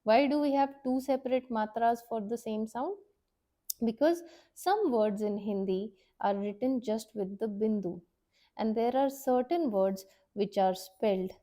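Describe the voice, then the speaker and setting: A woman teacher leads a slow, careful language lesson. Her voice is mellow and dark-toned, her delivery unhurried, and she repeats each sound so it sinks in. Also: fairly high pitch. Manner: patient, repeats sounds to model pronunciation. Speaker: Hindi teacher.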